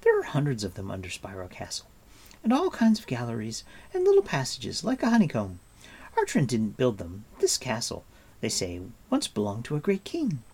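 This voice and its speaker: A man reading an audiobook and voicing a chatty, mischievous young girl who scolds and teases in a high, quick voice. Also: wildly swooping pitch, darkish tone, breathy edge, full character voice. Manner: quick, teasing and impatient. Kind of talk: audiobook character voice.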